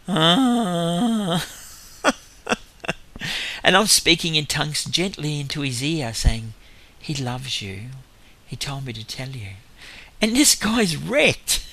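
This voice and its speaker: With a slightly high, gravelly voice that sounds pushed and bright, an Australian lay minister shares faith stories as a testimony. He rambles, chuckles between tales, and corrects himself along the way.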